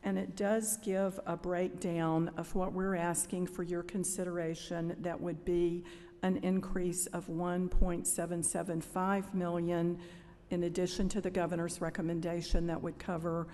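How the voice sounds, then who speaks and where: A middle-aged woman testifies before a legislative committee in a measured, polite way, pausing often on "um." Her voice sits fairly low and mellow, with little rise and fall. The hearing room adds a long reverb tail. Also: level tone. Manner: measured, polite, with frequent "um" pauses. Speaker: cancer network representative testifying to lawmakers. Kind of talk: formal budget testimony.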